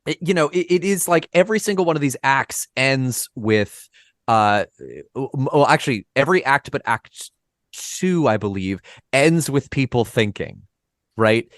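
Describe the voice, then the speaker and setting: A man's voice: medium pitch, lively intonation, unhurried, a bit bright, no echo, clean studio sound. A man in a casual podcast discussion of a play, thinking aloud with many fillers and hedges. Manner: thoughtful, hedging, many fillers. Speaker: podcast co-host or guest.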